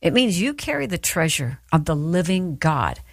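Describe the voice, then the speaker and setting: A middle-aged woman giving an earnest, encouraging devotional talk to her listeners, with soft emphatic pauses. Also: on the low side, sing-song, no room sound, studio quality. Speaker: Christian speaker.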